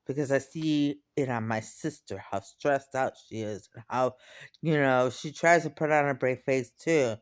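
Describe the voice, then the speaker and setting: A man talking in a personal video diary, rambling and confiding with lots of fillers and repeats, shifting between quiet and bubbly. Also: mid-range voice, measured pace, smooth. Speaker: vlogger.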